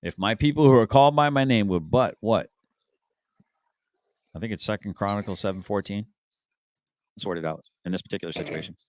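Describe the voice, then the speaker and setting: A man's voice: lowish voice, fairly quick, pauses often, no echo, clean studio sound. A man hosting a stream, giving crude, mocking, rambling reaction commentary. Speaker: stream host.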